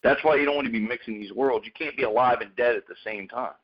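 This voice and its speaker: A man's voice: medium pitch, fast, slightly rough. A man hosting a radio show, talking in a rambling, casual way and calling people dude and man. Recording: muffled lo-fi radio audio.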